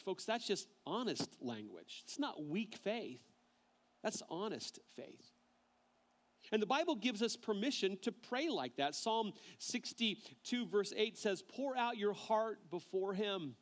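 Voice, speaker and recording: With earnest delivery, a male pastor preaches a sermon, frequently repeating words as phrases begin and easing his pace on key lines. His voice sits high.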